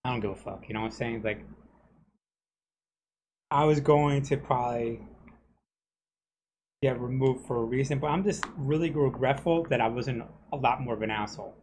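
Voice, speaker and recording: A man's voice: mid-range voice, moderate pace, pauses often, darkish tone, husky. A man streaming gameplay and ranting heatedly, swearing often and asking "you know what I'm saying?" again and again. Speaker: game streamer. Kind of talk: casual rant while streaming gameplay.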